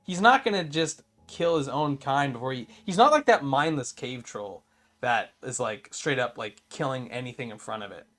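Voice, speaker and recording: A man co-hosting a casual review chat, animated and exasperated, with lots of fillers and restarts. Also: mid-range voice, moderate pace. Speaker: podcast co-host.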